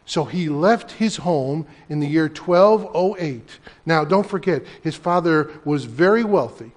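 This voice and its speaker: An older man preaching a sermon as pastor, telling a story and swinging between loud emphasis and hushed, almost whispered lines. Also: on the high side, animated, unhurried.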